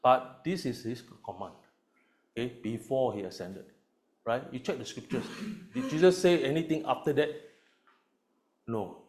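A male pastor delivers a sermon in an ordinary mid-range voice. He punches key words loudly and then drops to quiet asides, tagging nearly every thought with "right?" or "huh?" to keep his congregation with him. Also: mid-range voice, normal speed, long pauses. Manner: emphatic, peppers lines with "right?" and "huh?" tag questions; swings between loud stresses and soft asides.

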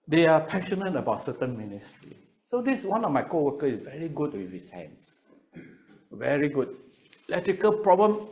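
A middle-aged man with a Singaporean English accent, preaching to seminary students in a lively, chatty way and often repeating his words. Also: fairly high pitch. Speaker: pastor.

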